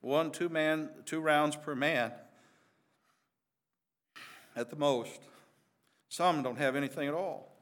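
A man's voice: a little high, steady tone, takes it slowly, long pauses, fairly bright tone. A man voicing an anxious younger-brother soldier who speaks urgently.

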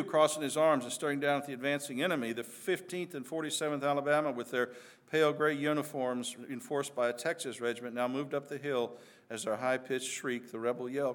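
A man narrating a battle story with vivid, emphatic storytelling. His voice sits in an ordinary middle pitch, and he builds drama as he goes.

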